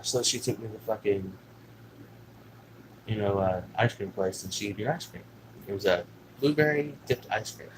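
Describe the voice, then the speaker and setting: A man's voice: fairly low pitch, slight background noise, low-quality recording. A man telling a long personal story in a casual, rambling way, swearing constantly and leaning on fillers. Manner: rambling and heavily profane, with lots of fillers. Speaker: vlogger.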